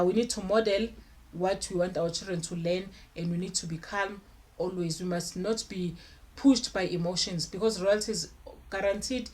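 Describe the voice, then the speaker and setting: A woman's voice: fairly low pitch, a little mellow. A young adult woman, talking casually to camera with parenting advice, earnest and repeating herself as she gathers her thoughts. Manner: earnest, repeats words, mixes in Zulu fillers. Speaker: parenting vlogger.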